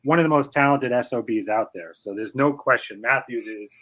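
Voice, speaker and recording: A man's voice: mid-range voice, brisk, a bit bright. Teasing, joking male co-host. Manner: joking, teasing, boastful banter. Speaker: podcast co-host. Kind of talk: casual live-stream chat.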